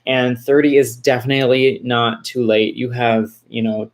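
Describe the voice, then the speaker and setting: A woman's voice: very deep voice, fairly even intonation, moderate pace. Chatty woman in her forties hosting a livestream. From Texas. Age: 40s. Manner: chatty and reassuring, with many fillers and restarts; reads viewer comments aloud and greets them by name. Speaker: livestream host. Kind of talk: casual livestream chat answering viewers.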